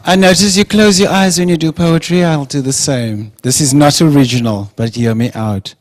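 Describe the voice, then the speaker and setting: Brief: South African man, slightly high voice, comic contestant reciting a poem. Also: normal speed. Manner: self-mocking comic. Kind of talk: joking poetry recital.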